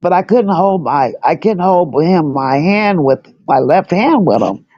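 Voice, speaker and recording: Older woman, casual storytelling, repeats herself, animated pitch, dull dry sound. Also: a little slow, no echo. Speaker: grandmother telling her story.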